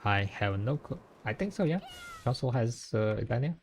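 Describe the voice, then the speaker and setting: A man's voice: mid-range voice, expressive, fairly quick. A man streaming a game live, chatting casually and answering his viewers. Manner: chatty, answers viewers' chat between play. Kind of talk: casual live-stream chat while gaming.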